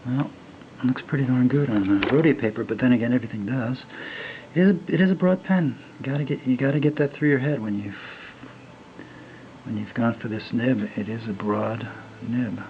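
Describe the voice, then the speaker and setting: A man in his fifties casually reviewing a fountain pen, talking in a halting, rambling way with lots of fillers and trailing off as he writes. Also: mid-range voice, highs cut off, background noise. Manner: rambling, halting, many fillers, drifts to a mutter while writing. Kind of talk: casual unboxing and writing test.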